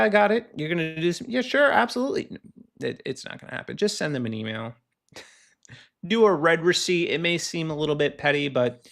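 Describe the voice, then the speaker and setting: A man hosting a casual solo show, ranting and telling work stories in an animated way, acting out the people he quotes. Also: medium pitch, gravelly. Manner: animated storytelling, acts out quoted callers. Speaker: podcast host. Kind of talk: casual solo rant, reading posts aloud.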